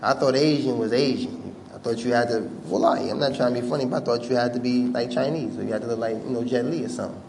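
A man's voice: mid-range voice, fast talker, vocal fry, few pauses, noisy background. A man telling a humorous story to an audience, talking conversationally with many fillers and acting out other people's voices. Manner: animated, humorous, acts out quoted voices. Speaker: speaker addressing an audience. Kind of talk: storytelling talk.

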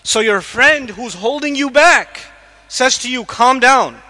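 A man giving an animated religious lecture to a live audience, questioning listeners and acting out quotes. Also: very high voice, takes it slowly. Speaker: Islamic lecturer. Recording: echoey hall.

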